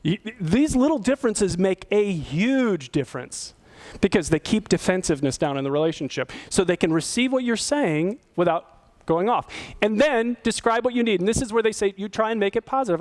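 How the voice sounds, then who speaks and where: A man's voice: high-pitched, animated, a little fast. A middle-aged male pastor giving a sermon in a conversational way, often asking his listeners questions. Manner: conversational, asks the audience questions.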